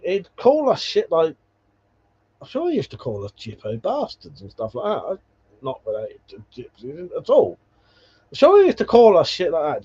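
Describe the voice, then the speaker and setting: Swearing bloke on a lo-fi stream. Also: male voice, sits high, a little mellow, husky. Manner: swearing, laughing, rambling anecdotes. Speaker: livestream host. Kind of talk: casual livestream chat reading viewer comments. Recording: dull lo-fi stream audio.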